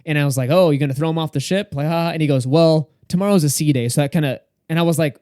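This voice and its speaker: A man's voice: on the high side, fast, few pauses, a little mellow, clear, resonant tone, no room sound, studio quality. A young man co-hosting a podcast, telling a story in casual chat and acting out the quoted dialogue. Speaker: podcast co-host.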